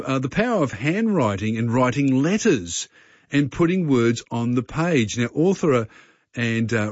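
A man with an Australian accent hosting early-morning talk radio in a relaxed, chatty manner with many fillers. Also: medium pitch, no echo. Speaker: radio show host. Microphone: studio mic. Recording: dry, slightly dull broadcast.

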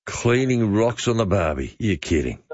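A man in his fifties with an Australian accent, hosting talkback radio with chatty quick asides. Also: on the low side, big pitch swings, no room sound. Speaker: radio host. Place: radio studio. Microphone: studio mic. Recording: slightly dull dry studio sound.

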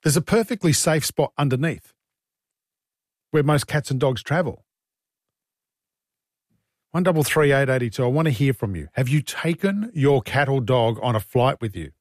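A man's voice: medium pitch, expressive, no echo, clean studio sound. A man hosting talkback radio with an Australian accent, chatty and joking, taking calls from listeners. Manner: chatty, joking, quick to laugh. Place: radio studio.

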